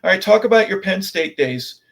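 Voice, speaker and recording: A man's voice: high-pitched, lively intonation, a little fast, vocal fry. A man hosting an interview, prompting his guest with friendly questions. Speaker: host. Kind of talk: conversational interviewing.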